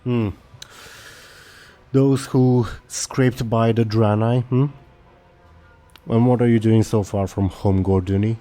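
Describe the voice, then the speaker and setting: Man doing a brutal one-eyed ogre chief, low rumbling voice, slow grunting speech, haughty and menacing, broken grammar, tabletop game figure. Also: fairly even intonation, warm tone.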